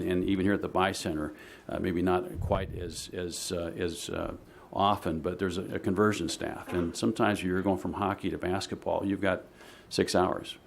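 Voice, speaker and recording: A man giving a measured, explanatory presentation to a city commission in a meeting chamber, often pausing on "uh". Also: low-pitched, vocal fry, slight background noise. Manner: measured and explanatory, with frequent "uh" fillers.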